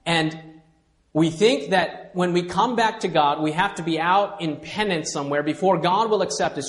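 A man preaching a sermon as pastor, swinging from quiet intimate asides to loud emphatic lines and leading the congregation to repeat after him. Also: high voice, normal speed. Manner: leads congregation in call-and-response.

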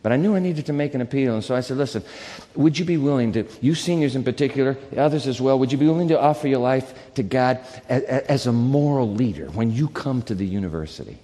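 A male pastor preaches in a relaxed, conversational way and retells a personal story with quoted lines of dialogue. His pitch sits in an ordinary middle range. The sound carries a long reverb from a large church hall. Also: fast. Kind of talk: sermon storytelling.

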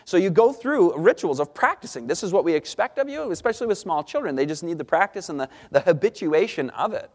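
A man's voice: high voice, big pitch swings, quick pace, few pauses, a little mellow. A man in his thirties giving an earnest parenting talk, mixing scripture with joking family stories. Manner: earnest, anecdotal with joking asides. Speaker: speaker on Christian parenting. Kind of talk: seminar talk.

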